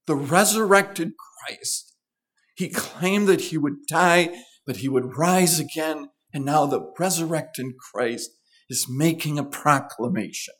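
A man preaching a sermon, explaining scripture in an earnest, emphatic teaching manner with rising stresses on key words. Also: a little high.

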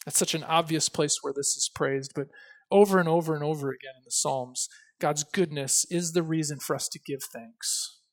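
A pastor preaching a sermon, emphatic, slowing down to stress key phrases and swinging between loud and soft. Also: male voice, on the high side. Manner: reads scripture aloud with expression.

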